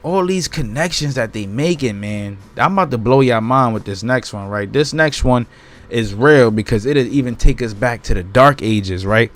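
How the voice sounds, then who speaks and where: A man's voice: medium pitch, moderate pace. Emphatic man reading aloud and commenting. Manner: emphatic, repeats points, keeps asking "right?". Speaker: channel host.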